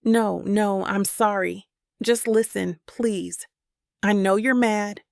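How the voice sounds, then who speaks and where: A woman's voice: medium pitch, steady tone, slow pace, gravelly, no echo, studio quality. A woman reading the lines of a remorseful adult sister, shaky and pleading as she apologizes.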